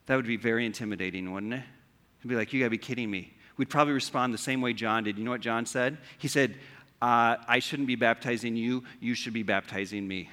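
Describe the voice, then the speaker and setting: A man's voice: medium pitch, fairly bright tone. A man preaching a sermon as pastor, conversational, asking his listeners rhetorical questions. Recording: long hall reverb.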